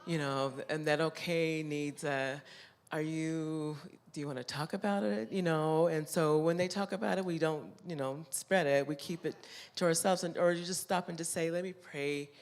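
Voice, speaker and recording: A woman chairing a church women's conference gives closing thanks in a church hall, speaking in a halting, heartfelt way with frequent ums. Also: low voice, steady tone, clear, resonant tone. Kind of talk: closing remarks at a church event.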